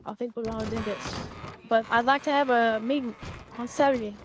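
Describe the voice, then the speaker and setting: Woman, higher pitch, direct folksy roleplayer. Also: fairly even intonation, fairly quick, noisy background. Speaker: roleplayer, leader of another group. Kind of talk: in-character roleplay chat.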